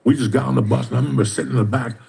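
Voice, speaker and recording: A man's voice: medium pitch, steady tone, rapid-fire, gravelly, warm tone, breathy edge. A middle-aged man, telling profane, streetwise stories in casual chat. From New Jersey. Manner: streetwise, swears constantly, tells stories with mimicked dialogue.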